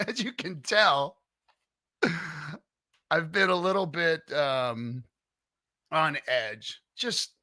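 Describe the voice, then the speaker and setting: A man hosting a live stream in a bright, forceful voice, cursing freely and ranting at his chat. The sound is close and dry, with no room echo. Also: a little high, lively intonation, drawn-out words, pauses often. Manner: profane, ranting, exasperated; greets chat viewers by name. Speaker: livestream host.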